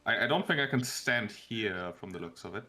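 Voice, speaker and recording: A man with a low voice describing his moves in an online tabletop game. He speaks in a measured, dry way. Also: animated, sharp tone. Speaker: player. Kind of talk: casual tabletop play.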